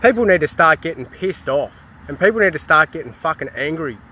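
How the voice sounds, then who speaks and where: A man's voice: a little high, lively intonation, fairly quick, bright, forceful tone, a little hiss or hum. An Australian man in a casual activist rant, heated and swearing, with many restarts, recorded outdoors in a town.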